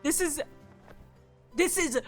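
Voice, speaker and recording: A woman's voice: high-pitched, expressive, slow pace, soft background music. A woman on a headset mic streaming a game, greeting and thanking her chat between profane, exasperated outbursts. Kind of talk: casual live-stream gaming chat.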